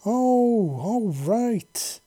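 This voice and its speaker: A man's voice: high-pitched, lively intonation, very slow, mellow, pitched above the performer's own voice, full character voice. A man voicing a brash young human soldier who swears and talks bluntly but nervously. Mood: relieved.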